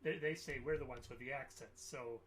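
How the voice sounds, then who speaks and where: Halting man hosting a webcast. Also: medium pitch, fairly even intonation, a bit bright. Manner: halting, many fillers and restarts. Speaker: webcast host reading viewer questions. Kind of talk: casual interview hosting.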